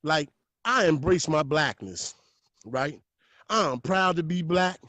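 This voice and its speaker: Guy on a podcast telling stories, kinda high voice, cussing a lot, real animated, dry close sound. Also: slow pace, dry recording. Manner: animated, profane storytelling. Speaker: podcast guest. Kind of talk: casual podcast talk.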